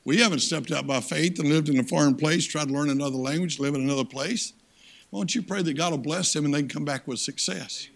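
Gravelly high-voiced male preacher. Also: fast talker. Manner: storytelling preacher, swings into loud acted voices. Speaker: guest preacher. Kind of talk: sermon.

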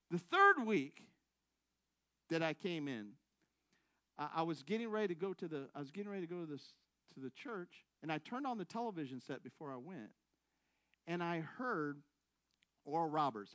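A man with a high, bright, forceful voice preaches a testimony sermon from his own story. He is self-mocking and laughs as he goes, shifting from loud bursts to hushed asides. The sound is close and dry, with no room around it. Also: no room sound. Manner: big swings between loud excited bursts and quiet low asides.

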